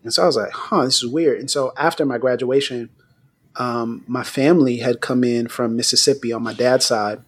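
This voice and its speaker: A man hosting a casual conversation, telling a personal story in an animated way. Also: mid-range voice, moderate pace, slightly rough.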